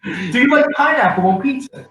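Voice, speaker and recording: A man's voice: extremely high pitch, animated, a little fast, fairly bright tone, reverberant, soft background music. A man from Philadelphia hosting a casual video-call interview, teasing and laughing as he talks. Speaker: radio host.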